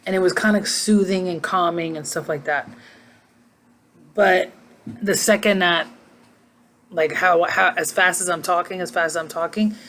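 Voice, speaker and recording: A woman's voice: lowish voice, fairly bright tone, slight background noise. A middle-aged woman chatting casually to her viewers from home, rambling from one tangent to the next. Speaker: vlogger. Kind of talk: casual chat to camera.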